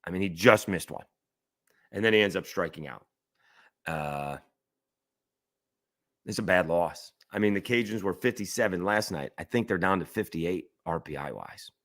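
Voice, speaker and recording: A man's voice: sits low, normal speed, pauses often, fairly bright tone, no room sound, clean studio sound. A man hosting a solo sports talk show, thinking aloud over stats with fillers, restarts and rhetorical questions. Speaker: sports radio host.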